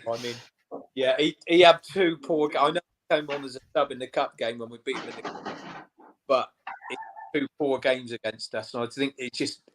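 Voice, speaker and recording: Measured man chatting about football. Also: medium pitch, fairly even intonation, fairly bright tone, poor audio. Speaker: podcast guest. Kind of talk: casual football podcast chat.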